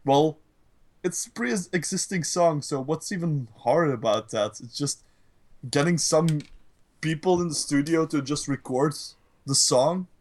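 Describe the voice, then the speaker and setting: A man's voice: a little high, a little slow, a little mellow. Profane, rambling man ranting casually. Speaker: podcast co-host. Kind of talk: casual chat.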